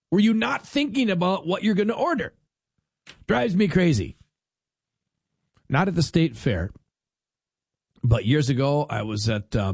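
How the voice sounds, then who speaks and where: A man's voice: a little high, a little mellow, husky, no echo. A middle-aged man, hosting a casual talk show and telling wry stories with acted-out bits. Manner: chatty, wry, acts out little scenes in put-on voices. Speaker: radio host.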